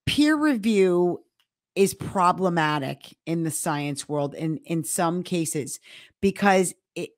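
A woman's voice: on the low side, animated, slow, no echo, clean studio sound. A middle-aged woman co-hosting a podcast, explaining her points emphatically in casual talk. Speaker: podcast co-host.

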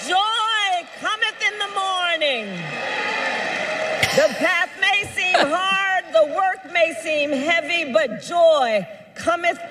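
A woman's voice: extremely high pitch, slow pace. A woman politician giving emphatic, declamatory speeches at church services and rallies. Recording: archive clips over loud crowd noise.

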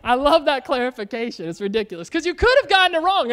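A young male pastor with a very high voice preaches in a loose, conversational way. He keeps saying "like" and "y'all" and slips into voices to act out the story. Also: fast. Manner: chatty and animated, says "like" and "y'all" often, acts out Bible voices. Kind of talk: casual conversational sermon.

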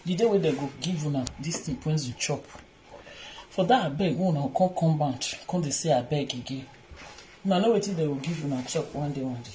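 A woman's voice: sits low, brisk, warm tone, slight background noise. Nigerian pidgin lady chatting while washing dishes, echoey kitchen, pots clanking behind her. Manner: chatty and playful, laughing and mock-crying. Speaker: vlogger. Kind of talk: casual livestream chat while washing dishes. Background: clinking dishes, pots and pans.

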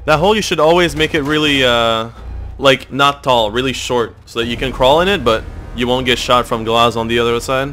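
A man's voice: mid-range voice, a little fast, a bit bright, faint music behind. A man casually commenting on his own gameplay, chatty and swearing freely, explaining his tricks into a desk microphone. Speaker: gamer and video host.

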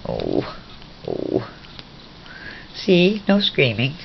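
A woman's voice: extremely low pitch, extremely slow, vocal fry. A woman filming her pets at home and chatting to them in a teasing, sing-song way. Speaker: pet owner filming her birds. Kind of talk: casual talk to pets while filming. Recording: dull lo-fi home video with steady noise.

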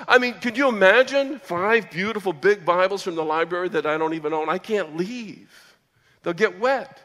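A man preaching his personal testimony as a sermon, moving between loud excited bursts and low, quiet storytelling. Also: normal speed. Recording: long hall reverb.

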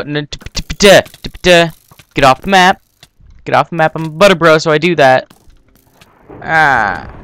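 A young man talks over his own game session, swinging quickly between mumbled asides and sudden excited yelps. His voice is smooth and clear, and his pitch leaps around a lot as he reacts to the play. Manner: excitable, yelps and laughs at the action. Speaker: gaming channel host. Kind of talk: casual gameplay commentary.

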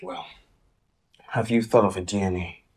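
A blunt, scolding friend. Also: male voice, deep voice, fairly even intonation, moderate pace, darkish tone, slightly rough. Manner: blunt, exasperated, lecturing.

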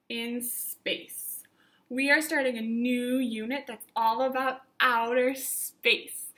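Slow, sing-song woman teacher reading aloud. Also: on the high side, fairly bright tone. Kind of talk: read-aloud lesson for young children.

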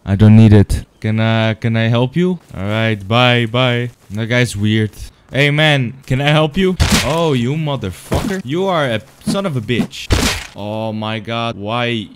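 A young man giving casual game commentary, excitable and swearing, breaking into sudden yells. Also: medium pitch, a little slow, a little hiss or hum. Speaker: gaming YouTuber.

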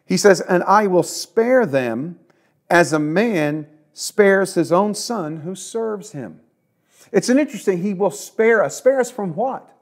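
A middle-aged man preaching a sermon as pastor, moving from emphatic, repeated phrases to soft, hushed passages. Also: sits high, animated, slow pace.

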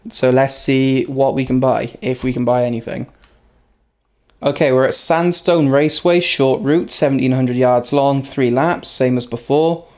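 A man commenting on his own racing gameplay, joking at his own expense and yelping loudly when he crashes. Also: a little slow. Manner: self-mocking, yelps high when crashing. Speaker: gaming YouTuber. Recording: loud background noise.

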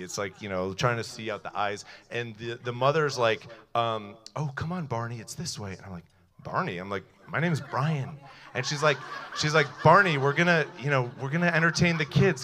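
A man's voice: medium pitch, pushed and bright. A young man on a cabaret stage, telling a loose, rambling story between songs, full of fillers and little laughs. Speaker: cabaret singer.

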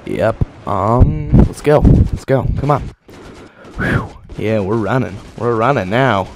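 A man giving joking commentary over his own gameplay, mostly deadpan and mock-serious, with sudden excited outbursts. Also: fairly low pitch, takes it slowly, creaky, heavy background noise. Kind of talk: joking live game commentary. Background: game gunfire and explosions.

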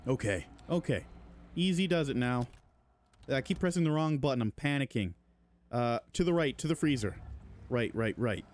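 A man's voice: medium pitch, animated, normal speed, a little mellow, slight background noise. A male gaming host giving let's-play commentary, panicky and jittery, talking to the enemies on screen as he plays. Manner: jittery, panicky running reactions.

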